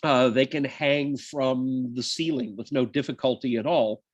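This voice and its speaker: Brief: male biology lecturer, slow and deliberate, filler-heavy, dry close-miked sound. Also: mid-range voice, fairly even intonation, dry recording, lo-fi sound. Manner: conversational, lots of uh and um, self-deprecating asides. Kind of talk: university lecture.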